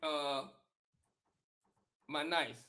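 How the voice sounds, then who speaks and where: Man, former football player, live sports talk, animated, emphatic, slangy, repeats himself. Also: on the high side, extremely slow.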